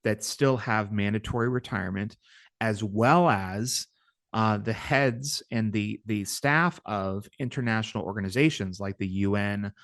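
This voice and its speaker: Man, low voice, guest on an interview show, measured explaining, dry close sound. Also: fairly bright tone, no echo. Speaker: guest author. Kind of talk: interview talk.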